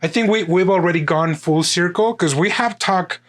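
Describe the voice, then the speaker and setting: A man's voice: high-pitched, normal speed, fairly bright tone. A man co-hosting a podcast, speaking hesitantly with stammered restarts. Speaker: podcast co-host. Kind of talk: casual chat.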